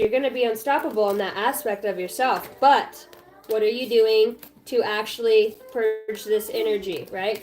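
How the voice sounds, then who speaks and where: A woman with a lilt gives a loose, chatty tarot reading to her viewers from home. She's blunt and swears freely, pushing the listener on with fond, insistent encouragement. Her voice sits a little high for a woman. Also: a little mellow, slight background noise. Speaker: tarot reader. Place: home with her small child nearby.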